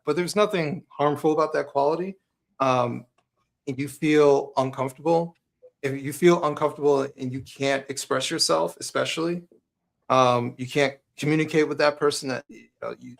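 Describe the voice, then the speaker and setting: A man's voice: a little high, steady tone, normal speed, vocal fry. A married man, a guest on a talk show, telling a personal story frankly and earnestly. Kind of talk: casual conversation.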